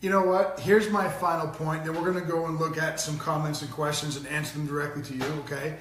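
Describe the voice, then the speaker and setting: A man's voice: a little high, flat delivery, fast, fairly bright tone, echoey room. A middle-aged man co-hosting a casual parenting talk, telling stories animatedly and mimicking voices. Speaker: co-host.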